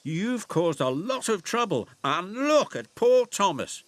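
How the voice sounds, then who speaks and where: A man's voice: sits high, very animated, a little slow, no room sound, pitched above the performer's own voice. A man voicing a stern woman in charge of a building yard, scolding her vehicles in a storybook. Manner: scolding, firm. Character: stern female construction boss, scolding.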